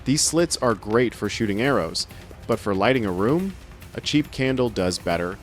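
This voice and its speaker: A man's voice: fairly low pitch, animated, moderate pace, faint music behind. A man giving scripted first-person narration with a wry, sardonic humor.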